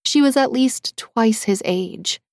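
A woman reading an audiobook in a measured, dramatic way, dropping to a hush at tense moments. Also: on the high side, gravelly, no echo, studio quality. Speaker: audiobook narrator. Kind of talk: scripted audiobook narration.

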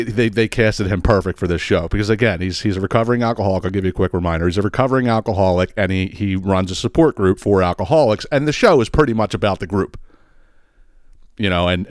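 A man with a low voice talks casually on his podcast and tells a profane, meandering story. He laughs a lot and acts out the scenes as he goes. The sound is dry, with no room echo. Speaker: podcast host.

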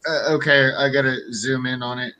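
Bright, blunt male voice. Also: medium pitch, steady tone, a little fast, lo-fi sound. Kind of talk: casual stream chat.

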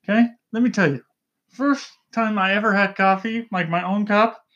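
A woman co-hosting a casual podcast, talking loudly and getting excited, with numb lips from cold sores. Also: medium pitch, moderate pace, lo-fi sound. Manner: loud, yells into the mic when excited. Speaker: podcast co-host.

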